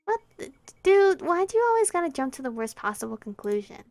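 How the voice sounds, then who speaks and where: A prankish teenage schoolgirl from a visual novel, read out by a woman. Her high voice bounces all over as she teases, getting loud and exasperated. The sound is close and dry. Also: sing-song, fast, no room sound. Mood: teasing. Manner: loud, exasperated jumps in pitch.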